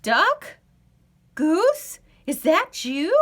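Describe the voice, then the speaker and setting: A woman's voice: extremely high pitch, sing-song, drawn-out words, fairly bright tone, voice pushed up, exaggerated voice. Thistle, a woman doing a playful little bird in costume. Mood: calling. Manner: teasing, cheerful. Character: playful young bird dressed as swamp monster.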